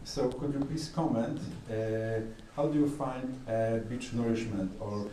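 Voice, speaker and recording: A man with a Polish accent asks a question from the audience of a conference, polite and hesitant. His voice is mellow and a little dark, picked up from off-mic in an echoey hall. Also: mid-range voice, fairly even intonation, unhurried, distant mic, slight background noise. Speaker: audience member asking a question, coastal engineer.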